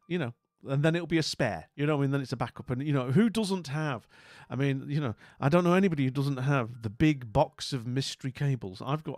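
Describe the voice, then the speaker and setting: A man's voice: medium pitch, no room sound, studio quality. A man hosting a live stream, chatting casually and rambling with lots of fillers.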